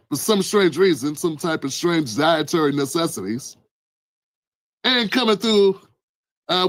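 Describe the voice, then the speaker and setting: A man calmly explaining the news as an online commentator, in a measured, wry way. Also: on the high side, dry recording, rough recording.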